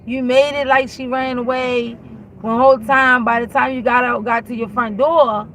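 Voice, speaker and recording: A woman's voice: high-pitched, fairly even intonation, normal speed, fairly bright tone, a little hiss or hum, rough recording. A woman telling a long, exasperated story as a show host, acting out both sides of the argument and swearing freely. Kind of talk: animated storytelling rant.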